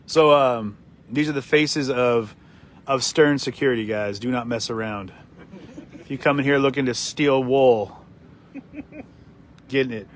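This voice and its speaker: A man's voice: medium pitch, measured pace, pauses often, slight background noise. A man reporting outdoors at a horse stable, cracking puns and teasing the people he interviews in a casual street interview. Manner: playful, punny, self-mocking.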